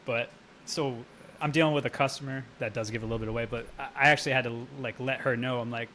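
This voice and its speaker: A man's voice: medium pitch, steady tone, fast talker, sharp tone, a little hiss or hum. A man chatting casually on a live brewing stream, rambling and swearing freely as he tells stories and answers chat. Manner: rambling, profane, laughs while telling stories.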